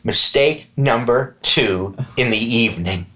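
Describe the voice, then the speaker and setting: A man's voice: medium pitch, unhurried. A man from the East Coast of Canada telling a comic story among friends, swearing freely and acting out the lines of people in the story. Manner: profane, animated, acts out quoted lines. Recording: roomy echo.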